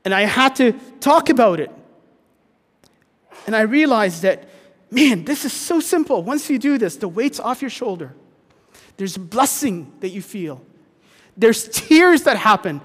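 A man preaching a sermon as pastor, earnest, dropping to a hush and then rising to emphatic points. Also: high-pitched, big pitch swings, a little slow, pauses often, in a large hall. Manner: earnest, swings between hushed and emphatic.

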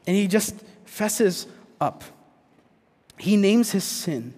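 A man preaching a sermon as pastor, earnest, dropping to a hush and then rising to emphatic points. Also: sits high, lively intonation, slow, pauses often, big-room sound. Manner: earnest, swings between hushed and emphatic.

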